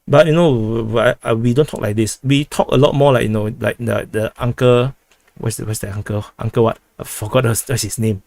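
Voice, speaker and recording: A man with a Singaporean English accent hosting a casual livestream, answering viewer questions in a halting way full of repeated words and "uh" restarts. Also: medium pitch, fairly even intonation, vocal fry, darkish tone, dry recording.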